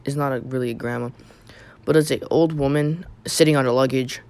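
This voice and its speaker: A man's voice: medium pitch, fairly even intonation, fairly quick, a little mellow, clean tone. A young man casually telling a personal story on his channel, rambling with many fillers and restarts. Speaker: YouTube storyteller.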